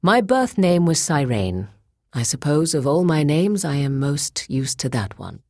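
Woman reading a proud ancient lady sage, stern and bossy, low voice that swings a lot. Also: big pitch swings, a little slow, warm tone, dry recording, studio quality, exaggerated voice. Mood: wry. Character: ageless woman sage, two centuries old, proud.

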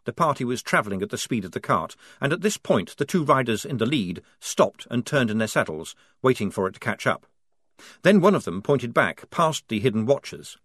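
Expressive male audiobook narrator. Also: mid-range voice, slightly rough, dry recording, clean studio sound. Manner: measured, expressive. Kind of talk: scripted narration.

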